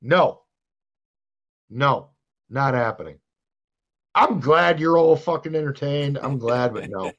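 A man's voice: mid-range voice, animated, slow, long pauses, a bit bright, dull audio. An older man co-hosting a podcast, ranting in a profane, exasperated way. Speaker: podcast co-host. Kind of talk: casual podcast rant.

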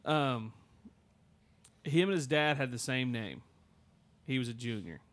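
A man of middle pitch tells a story on a podcast. His delivery is loose and conversational, and he often stops and restarts his sentences with lots of fillers. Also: animated, a bit bright. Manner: halting, many fillers and restarts. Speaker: podcast host. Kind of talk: casual storytelling.

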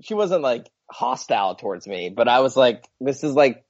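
A man's voice: medium pitch, very animated, normal speed, darkish tone, dry recording, muffled recording. A young man co-hosting a sports podcast, telling anecdotes in a loose, easygoing way. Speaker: podcast co-host. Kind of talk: casual sports podcast chat.

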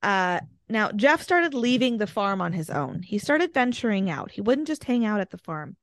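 A woman podcast co-host relays a bizarre tale in a loose, conversational way. Her delivery is animated and full of fillers. The sound is close and dry, with a mid-range voice. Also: mid-range voice, normal speed, no echo. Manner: animated, filler-heavy storytelling. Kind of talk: casual storytelling chat.

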